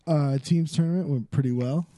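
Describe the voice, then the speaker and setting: A man's voice: on the high side, normal speed, heavy background noise. A man co-hosting a podcast in playful, laughing banter, egging the others on. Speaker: podcast co-host. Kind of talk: casual chat.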